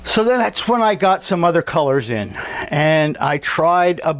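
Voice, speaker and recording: A man talking casually about his scale model at a home workbench, unhurried and thinking aloud with fillers and restarts. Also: a little high, very animated. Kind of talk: casual hobby workshop walkthrough.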